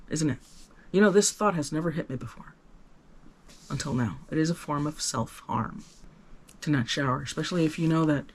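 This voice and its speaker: A man talking candidly to the camera in a personal vlog, earnest and rambling, with many restarts and sudden swings from soft to emphatic. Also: fairly high pitch, slight background noise. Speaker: vlogger.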